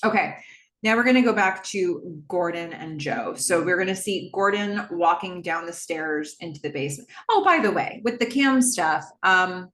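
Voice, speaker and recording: A woman's voice: lowish voice, a bit bright. Chatty woman podcaster in an echoey room. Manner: chatty, laughs often, jumps into character voices. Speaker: podcast host recapping a TV episode. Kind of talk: casual recap with acted-out quotes.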